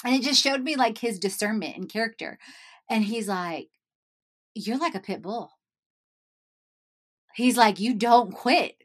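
A woman's voice: fairly high pitch, a little slow, long pauses. A young adult woman talking casually to her viewers. She tells a personal story, says "like" often and laughs as she goes. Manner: animated, chatty, says "like" often, laughs while telling.

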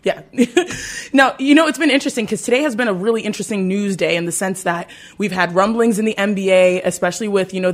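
Laughing chatty woman sports radio host. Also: medium pitch.

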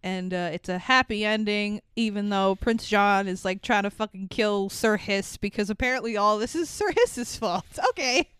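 A woman's voice: medium pitch, normal speed, hardly any pauses, a bit bright, clean tone, no room sound. A woman co-hosting a podcast, casually recapping a movie, laughing often and swearing while acting out bits in quotes. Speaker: podcast co-host.

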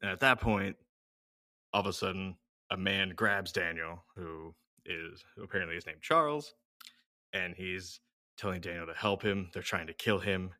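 A man co-hosting a podcast, recapping a film plot in a rambling way with many pauses. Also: low-pitched, pushed and bright, no room sound. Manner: rambling, hesitant with fillers. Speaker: podcast co-host.

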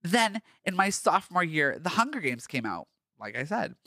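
A man's voice: sits high, very animated, normal speed, bright, forceful tone, no echo, clean studio sound. Campy podcast host reading his fan fiction. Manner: campy, gushing, self-mocking asides.

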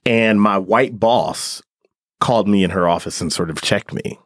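A man's voice: lowish voice, normal speed, no room sound, clean studio sound. A man, a radio reporter, chatting casually and telling a story with a few hesitant restarts. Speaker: public radio reporter, guest. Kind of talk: casual chat.

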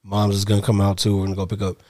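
Homme bavard et grossier, voix sèche. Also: male voice, on the low side, completely flat delivery, rapid-fire, darkish tone, no echo, clean studio sound. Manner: profane, rambling, acts out voices. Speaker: podcast co-host. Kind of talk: casual podcast chat.

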